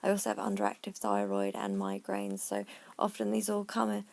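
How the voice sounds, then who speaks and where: A woman vlogger talks to the camera in a mid-range, creaky, slightly mellow voice, very animated and a little fast. A bit out of breath, she frankly shares a personal story in a chatty manner, sometimes dropping to a near whisper.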